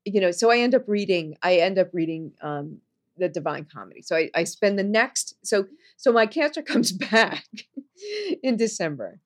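A woman telling a personal story in conversation, earnest, going soft and low on serious moments and jumping high when she quotes people. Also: moderate pace. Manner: animated, jumps high when quoting people.

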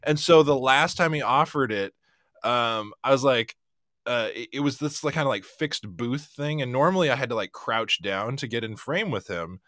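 A man's voice: mid-range voice, expressive, moderate pace, fairly bright tone, dry recording. Male co-host, rambling storyteller, laughs a lot, dry close studio sound. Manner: rambling, laughs often, acts out quoted dialogue. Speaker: podcast co-host. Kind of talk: casual chat.

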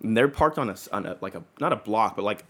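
A man's voice: fairly low pitch, animated, fast talker, fairly bright tone. A young adult man telling a long personal story in casual chat, rambling with lots of fillers and swearing.

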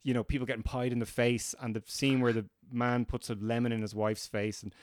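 A man co-hosting a film podcast, leading the discussion in an animated, opinionated way. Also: mid-range voice, brisk. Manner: animated and opinionated, leads the segments. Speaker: podcast co-host.

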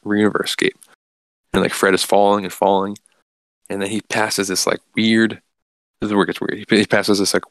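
A man with a very low, gravelly voice casually recaps a comic book story. He rambles, filling gaps with "like" and restarting his sentences. The sound is dry and close. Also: a bit bright, no room sound.

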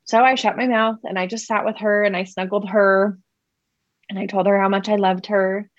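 A mother in her thirties tells a personal parenting story conversationally, leaning heavily on "like" and "right?". Her medium-pitched voice moves little in pitch at a normal speed, with no room sound, and the audio is dull and slightly muffled.

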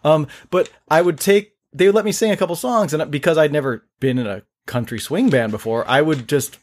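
A man co-hosting a podcast, telling a laid-back anecdote with halting restarts. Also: on the high side. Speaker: podcast co-host. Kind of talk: casual storytelling chat.

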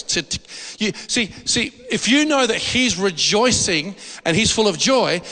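A man preaching a sermon in a church hall, animated and jokey, asking the congregation questions. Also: high voice. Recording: long hall reverb.

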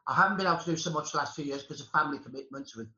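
Impassioned high-voiced Birmingham man. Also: very fast, pushed and bright, reverberant, muffled recording. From Birmingham, England. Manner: passionate, emphatic, speechmaking. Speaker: historian guest. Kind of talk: conversation on a podcast panel.

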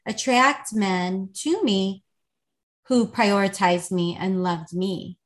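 A woman guest, an intimacy coach, telling a lively story in a casual podcast chat, with lots of "like". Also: mid-range voice, slow. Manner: animated, chatty, lots of "like".

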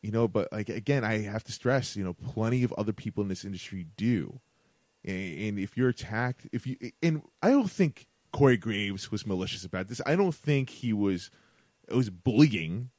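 A man's voice: on the low side, animated, normal speed, a little mellow, dry recording. A man co-hosting a casual podcast, often stumbling and repeating words as he thinks aloud. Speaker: podcast co-host. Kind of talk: casual chat.

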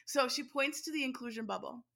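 A middle-aged woman, an education instructor telling a story as an interview guest, animated and quick to laugh. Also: sits high, creaky. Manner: animated, laughs often, speeds up when excited. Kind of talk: conversational storytelling.

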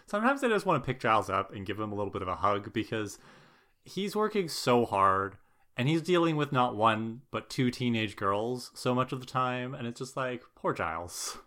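Bright-toned male co-host, sarcastic, animated, exasperated. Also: mid-range voice, moderate pace. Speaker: podcast co-host; teacher. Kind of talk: casual chat.

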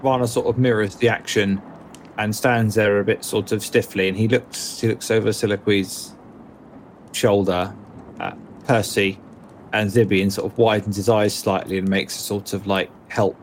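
A man's voice: on the low side, little pitch movement, normal speed, a little hiss or hum. A man narrating his character in a tabletop role-play, rambling and hedging with many restarts. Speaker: player.

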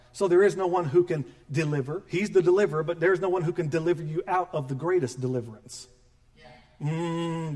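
A middle-aged man preaching a sermon as pastor, animated and joking, acting out quoted voices. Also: fairly high pitch.

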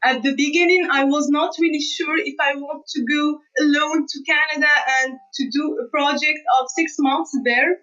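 High-voiced woman. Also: steady tone, normal speed, few pauses, pushed and bright. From Tunisia. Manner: earnest, hesitant restarts, light laughs. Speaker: guest scientist. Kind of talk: conversational interview answers. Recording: distant, dull remote recording.

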